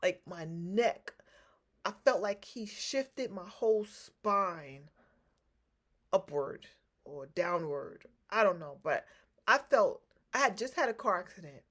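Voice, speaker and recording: A woman's voice: lowish voice, animated, slow, fairly bright tone. A middle-aged woman telling a personal story in casual chat, rambling with restarts and filler words. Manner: rambling, repeats herself, many restarts and ums. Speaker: vlogger.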